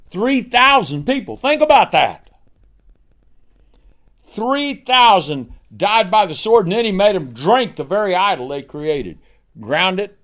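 A male pastor preaching slowly and dramatically, asking the room pointed questions as he goes. His pitch swings widely, dropping low for weight and rising for emphasis, and it sits a touch above the usual for a man. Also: fairly bright tone. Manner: dramatic, acts out scripture figures; rhetorical questions to the congregation. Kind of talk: sermon.

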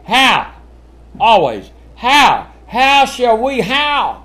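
Animated older preacher, slow and lively. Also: male voice, extremely high pitch. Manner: animated, full of rhetorical questions, chuckling asides. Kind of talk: sermon.

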